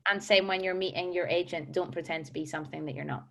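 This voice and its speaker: A woman's voice: lowish voice, level tone, quick pace, gravelly, hardly any pauses, a bit bright. A young woman with a Glaswegian Scottish accent, chatting candidly about auditions in a casual panel discussion. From Scotland. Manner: candid, chatty, frequent fillers. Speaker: performer sharing audition advice.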